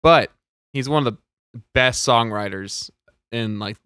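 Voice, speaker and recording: A man's voice: mid-range voice, slow, pushed and bright, clean tone, no echo, clean studio sound. A man co-hosting a podcast in casual chat, playful and joking. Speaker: podcast co-host.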